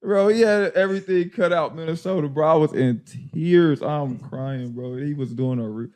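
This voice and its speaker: A man casually telling a story on a podcast, slangy and animated, often laughing. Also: fairly high pitch, moderate pace, clear, resonant tone. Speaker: podcast guest, former player.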